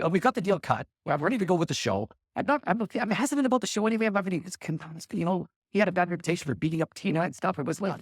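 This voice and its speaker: A man at a live conference panel rattles through a story at a quick clip. His voice sits a little high, and the sound is close and dry. He rambles and acts out the quotes as he goes. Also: no room sound. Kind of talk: casual anecdote on a panel.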